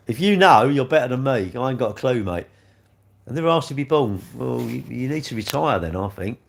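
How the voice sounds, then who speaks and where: An expressive, gravelly medium-pitched voice at normal speed comes from an older English livestream host. He reads comments from his viewers and answers with blunt, cheeky banter, slipping in "mate" and "innit."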